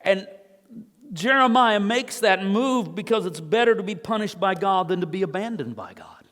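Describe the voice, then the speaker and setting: A man's voice: sits high, animated, normal speed, a bit bright, long reverb tail. A male pastor preaching a sermon, earnestly reading scripture aloud with rising emotion. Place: church sanctuary.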